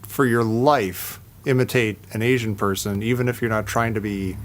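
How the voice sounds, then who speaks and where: A man's voice: fairly low pitch, steady tone, normal speed, a little hiss or hum. A man co-hosting a podcast in casual comedic chat, laughing often and joking. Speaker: podcast co-host.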